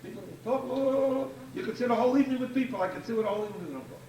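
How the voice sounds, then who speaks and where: A man's voice: extremely high pitch, racing, a little mellow. A man giving a rabbinic lecture to an audience, emphatic and repeating key phrases for force. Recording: echoey room, distant mic, faint hiss.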